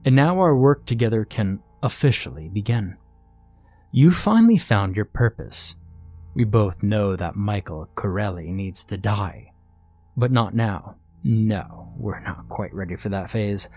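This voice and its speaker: A man's voice: fairly low pitch, unhurried, mellow, dry recording, soft background music. A man voicing a grinning, sinister male doppelganger who calls himself God, speaking in a smug, mocking, commanding way. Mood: scheming.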